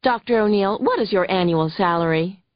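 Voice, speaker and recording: A woman's voice: mid-range voice, very animated, normal speed, dry recording, dull audio, natural voice. A woman voicing a snide, huffy female attorney who fires badgering questions in an audiobook. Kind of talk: audiobook character voice.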